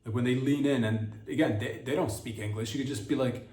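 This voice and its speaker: A man's voice: mid-range voice, fairly quick, hardly any pauses, dark tone. Rambling crude man, roomy distant mic. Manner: rambling and crude, with mock-innocent asides. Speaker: comedy podcast host. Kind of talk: improvised comedic monologue.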